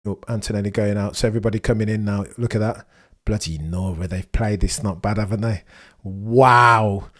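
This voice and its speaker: A young man hosting a live race watchalong, chatting excitedly to his viewers and reacting with slang. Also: on the low side, brisk. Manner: excitable, chatty, British slang, talks to chat. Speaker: livestream host.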